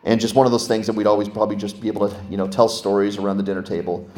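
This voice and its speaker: A man's voice: lowish voice, racing, a little hiss or hum. Guy preaching to his church, telling stories, roomy echo. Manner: storytelling, animated, asks the congregation questions. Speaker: pastor. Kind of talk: sermon.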